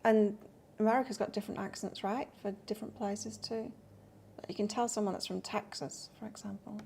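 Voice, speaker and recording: A woman's voice: medium pitch, steady tone, fairly quick, creaky, a little mellow, breathy edge. A woman from England doing a live tarot reading, chatting casually and reading out cards while answering viewer comments. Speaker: tarot reader.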